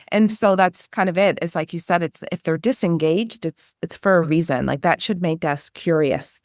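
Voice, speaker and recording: A woman with a lowish voice answers interview questions in an earnest, animated way. She talks things through at length and acts out little bits of classroom dialogue. The sound is dry and close. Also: moderate pace, hardly any pauses, dry recording. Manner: enthusiastic, earnest, animated explaining with acted-out teacher questions. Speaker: education consultant guest.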